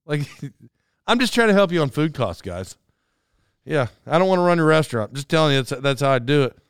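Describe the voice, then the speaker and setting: Rambling middle-aged man, smooth voice. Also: fairly high pitch, sing-song, a little fast, dry recording, clean studio sound. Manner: rambling, self-aware, chuckling storyteller. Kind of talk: casual rambling monologue.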